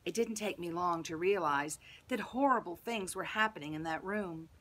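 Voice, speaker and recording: A Sunday school teacher reading a children's bible story aloud in first person, dramatic with hushed and loud turns. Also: female voice, fairly low pitch, normal speed.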